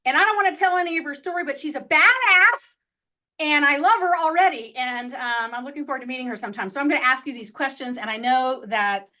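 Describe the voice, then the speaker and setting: A woman's voice: high-pitched, fast talker, bright, forceful tone. A woman business coach hosting an interview show, enthusiastic and gushing about her guest.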